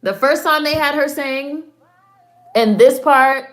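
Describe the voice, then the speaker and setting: A woman's voice: high-pitched, slow pace, fairly bright tone. Blunt woman reacting to a film. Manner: blunt, profane, talks back at the screen. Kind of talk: casual watch-along commentary.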